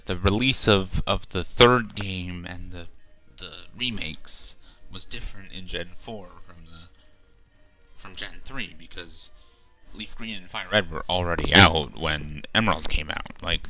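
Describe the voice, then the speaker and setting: A young man from Canada streaming a game, rambling casually, stumbling over his words and swearing freely as he corrects himself. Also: sits low. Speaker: let's play streamer.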